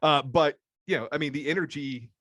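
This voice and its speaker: A man's voice: on the high side, brisk, a bit bright, no echo. A man hosting a podcast, running through political news in a casual, hesitant way, with plenty of fillers and side remarks. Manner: hesitant, lots of fillers and asides. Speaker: podcast host.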